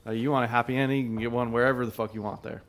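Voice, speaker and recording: A man's voice: medium pitch, very fast. Profane man telling a rowdy bar story. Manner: profane, laughing often, loud when excited. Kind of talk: crude casual storytelling.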